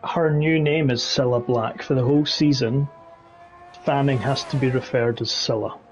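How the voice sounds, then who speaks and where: A man's voice: medium pitch, fairly even intonation, normal speed, highs cut off, soft background music. A Scottish man co-commentating a sim racing league, with dry, chatty asides. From Scotland.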